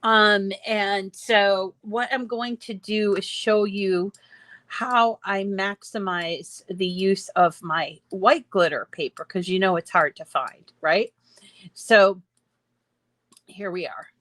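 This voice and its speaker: A woman's voice: mid-range voice, slow, a bit bright, no echo. A woman hosting a craft tutorial, chatting as she explains each step on screen with lots of fillers.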